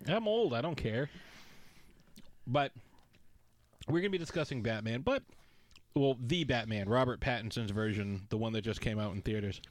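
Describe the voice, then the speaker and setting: A man's voice: mid-range voice, normal speed, pauses often, dry recording. Podcast co-host, male, jokey and rambling, dry close mic. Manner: playful, jokey, rambling asides. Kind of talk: casual podcast banter.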